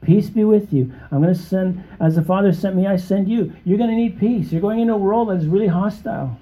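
A man preaching a sermon, emphatic and conversational, often checking in with his listeners and rising to high, excited exclamations. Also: fast. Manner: conversational, with frequent check-ins to the congregation. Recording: dull, muffled lo-fi recording.

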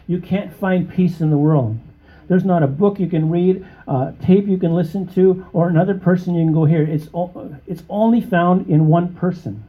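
A man preaching with earnest emphasis, his voice sitting a little high and swinging upward when he gets excited. He keeps turning to his listeners with quick check-ins, and the recording sounds dull and muffled. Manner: emphatic, rising to high exclamations; conversational, with frequent check-ins to the congregation. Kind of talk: sermon.

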